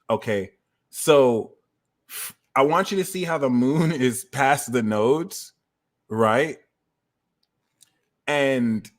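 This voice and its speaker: A man hosting an astrology livestream, walking viewers through planetary transits in an energetic, conversational way with quick asides. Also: on the high side. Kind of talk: explaining astrology transits to a live audience.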